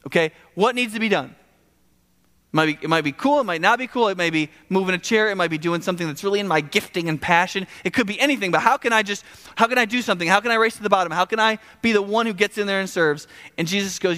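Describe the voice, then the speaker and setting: A man preaching a sermon in a casual, animated, conversational way, often restarting sentences and adding asides. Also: high-pitched, fairly quick. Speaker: pastor. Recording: echoey hall with long reverb.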